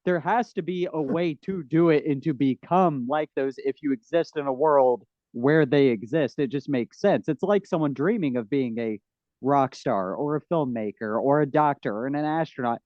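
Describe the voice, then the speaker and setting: A man's voice: mid-range voice, moderate pace, no echo, muffled recording. A man talking casually and animatedly on a podcast, rambling with many fillers.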